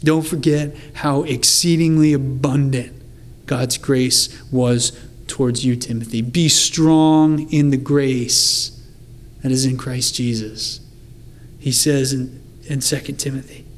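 A man's voice: mid-range voice, steady tone, takes it slowly. A man preaching a sermon in an earnest, conversational way, reading scripture aloud with emphasis. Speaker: pastor.

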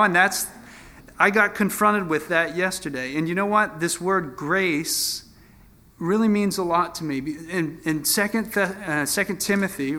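A man's voice: sits high, sharp tone. A man, a pastor, preaching a sermon in a conversational, folksy way with frequent fillers.

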